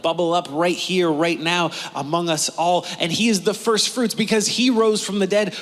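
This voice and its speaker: Chatty high-voiced pastor. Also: male voice, a bit bright. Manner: chatty, storytelling with playful voices. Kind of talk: casual sermon. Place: church. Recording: long reverb of a church hall.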